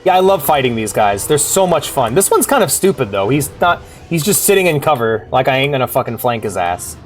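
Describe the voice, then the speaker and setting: Excitable swearing male game streamer. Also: medium pitch, a little fast, faint music behind. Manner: excitable, swears, reads scan logs aloud. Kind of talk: casual game commentary.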